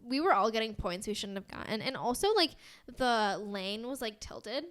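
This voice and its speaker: A woman's voice: a little high, animated, moderate pace. A young woman with an American accent, co-hosting a podcast in bubbly casual chat, full of "like" and giggles. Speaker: podcast co-host.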